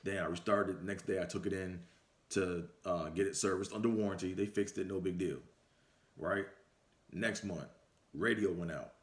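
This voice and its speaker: Laid-back slangy man, low voice. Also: steady tone, moderate pace. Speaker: vlogger. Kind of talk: casual storytelling to camera. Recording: roomy echo.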